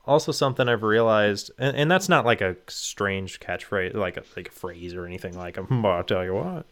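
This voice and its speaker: A young married man co-hosting a podcast in casual chat, animated, with stumbling restarts. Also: fairly low pitch, moderate pace. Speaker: podcast co-host.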